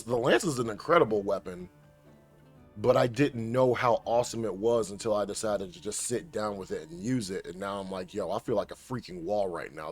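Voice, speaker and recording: A man giving casual, laid-back advice while playing a game, swearing now and then and trash-talking what he fights. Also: on the low side. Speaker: gaming guide creator.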